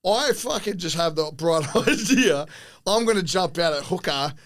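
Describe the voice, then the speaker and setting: A man with a slightly higher-than-usual voice rambles through sporting yarns on a podcast. He swears freely, stumbles and restarts, and breaks into laughter partway through his sentences. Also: expressive, normal speed, a bit bright. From Australia. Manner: profane, rambling, often laughing mid-sentence. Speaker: former rugby league player, podcast guest. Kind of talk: casual podcast chat, telling stories.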